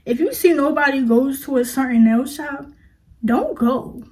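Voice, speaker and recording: A woman's voice: high-pitched, measured pace, darkish tone. A young woman telling a story to her viewers in a casual, chatty way, full of slang and fillers. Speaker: vlogger.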